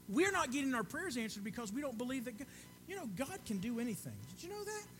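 Guy preaching, high bright voice, earnest and chatty, goes soft and hushed a lot. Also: a little hiss or hum. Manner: earnest, conversational, drops to a soft hush. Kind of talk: sermon.

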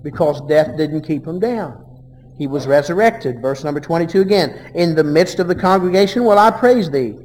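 A man delivers a sermon in a high-pitched voice. He reads verses aloud, then swings between loud declarations and hushed asides. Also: expressive, moderate pace, long reverb tail, a little hiss or hum. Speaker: preacher.

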